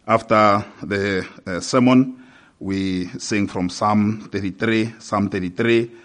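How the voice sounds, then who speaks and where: A man preaching a sermon, measured and hesitant at times, growing more forceful as he reads scripture aloud. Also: fairly low pitch, fairly even intonation. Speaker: pastor.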